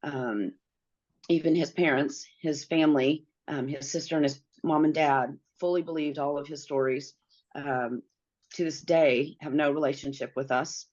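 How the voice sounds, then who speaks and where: A middle-aged woman with a deep, low voice recounts a personal story as an interview guest. She speaks earnestly and acts out the lines she quotes. The recording sounds dull and lo-fi. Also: fairly even intonation, moderate pace, darkish tone.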